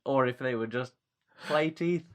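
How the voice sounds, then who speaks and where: A man's voice: mid-range voice, a little slow. A man co-hosting a casual comedy podcast, reading out facts with lots of fillers and frequent laughter. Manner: laughs often, rambling with fillers. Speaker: podcast co-host.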